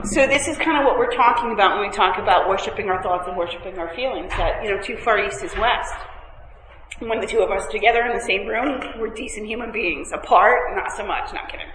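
In a fairly bright, mid-range voice and a brisk pace, a woman opens up to a group meeting about her recovery. Lots of fillers, false starts, and self-deprecating humor run through the talk, which was captured in a reverberant hall with faint noise.

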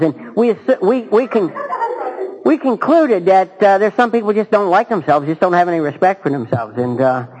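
A man giving a halting, earnest personal testimony to a recovery group, with dry self-mocking humor. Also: high voice, rough recording. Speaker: speaker sharing his recovery story.

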